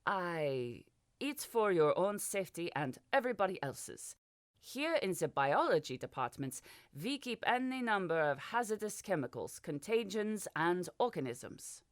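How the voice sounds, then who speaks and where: A woman's voice: fairly low pitch, very animated, a little slow, dry recording, studio quality. A woman voicing a curt, dismissive middle-aged male professor in an audiobook.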